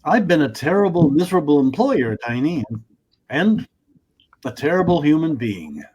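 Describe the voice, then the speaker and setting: An actor playing a reformed old miser, Scrooge, who stammers, giggles and gets emotional in a comic holiday play. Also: male voice, a little high, very animated, moderate pace, a little mellow, lo-fi sound, slight background noise. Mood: heartfelt.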